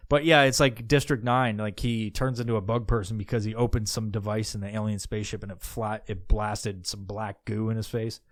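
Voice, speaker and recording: A man's voice: lowish voice, little pitch movement, a little fast, hardly any pauses, dry recording, studio quality. A man hosting a podcast, rambling casually in profane talk with many restarts. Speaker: podcast host.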